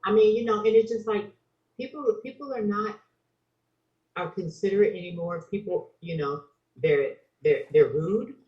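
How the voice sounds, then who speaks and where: A woman's voice: medium pitch, normal speed, darkish tone. A woman co-hosts a podcast in casual chat, complaining in an emphatic, indignant way. Her voice sits in the middle range. The recording is echoey and a little dull. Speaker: podcast co-host.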